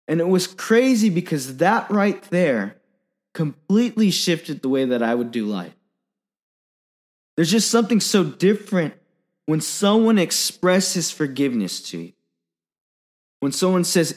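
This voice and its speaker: A man's voice: a little high, lively intonation, measured pace. A young man sharing a personal testimony in an earnest, candid sermon style, often using fillers.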